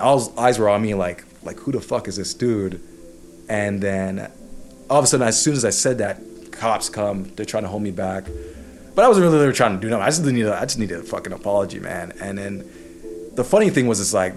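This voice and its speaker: A man casually telling a personal story, heated and swearing often, with many restarts. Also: lowish voice.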